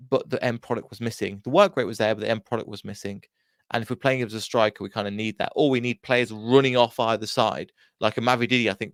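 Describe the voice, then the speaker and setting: A man's voice: mid-range voice, clean tone, no echo, clean studio sound. Rambling man reviewing a football match. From England. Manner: rambling, with many restarts and acted-out quotes. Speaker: football fan channel host. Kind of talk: casual solo match review.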